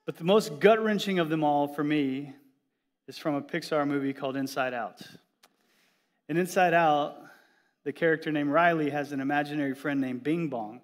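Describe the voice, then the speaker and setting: A middle-aged man, a pastor, preaching a sermon in a church with a lively, joking storytelling manner. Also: a little high, normal speed.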